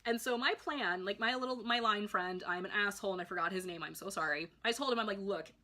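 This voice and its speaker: A young woman vlogging a casual storytime, chatty and excitable, with lots of fillers and restarts. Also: medium pitch, fast.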